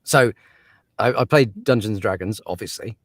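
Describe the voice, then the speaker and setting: A man's voice: on the low side, moderate pace, dry recording, clean studio sound. A man, an audiobook narrator chatting casually as an interview guest, laughing often and trailing off into fillers.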